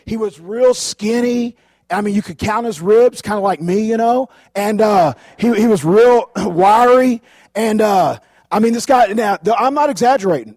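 A man's voice: sits high, darkish tone. A man speaking to a church congregation, telling a chatty, rambling story full of asides into a handheld microphone.

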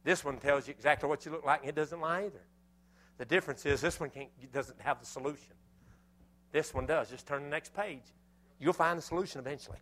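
A man preaching a sermon, telling a personal story with animated, self-scolding exclamations before closing in prayer. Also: fairly high pitch.

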